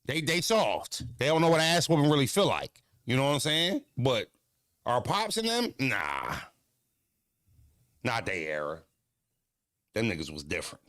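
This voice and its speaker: A man tells stories in an easygoing, profane way, laughing often. His pitch swoops up and down a lot as he talks. The sound is dry and close, with no room echo. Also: sing-song, a little slow, fairly bright tone. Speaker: streamer. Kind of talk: casual chat.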